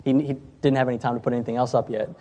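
A man's voice: mid-range voice, fairly even intonation, rapid-fire, mellow. A man giving an informal health ministry talk to a group, telling stories in a conversational way and often repeating and restarting phrases. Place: room with chairs before a group. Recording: long hall reverb.

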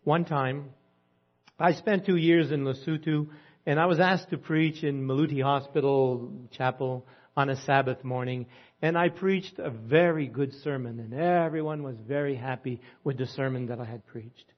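A man's voice: medium pitch, normal speed. A man preaching a sermon in a folksy storytelling way, asking the congregation rhetorical questions. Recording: muffled lo-fi recording.

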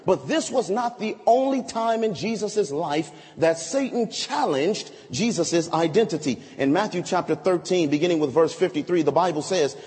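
A man's voice: sits high, a little mellow. A man preaching a sermon, dramatic and acting out scripture scenes in voices. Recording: long hall reverb.

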